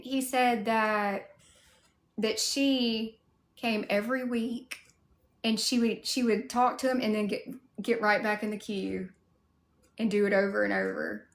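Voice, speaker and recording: Southern woman livestreamer, gravelly and slow, higher pitch, candid chat host. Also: steady tone. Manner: chatty and candid, with mild swearing. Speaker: cosplay livestreamer. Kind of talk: casual livestream chat, answering viewer comments.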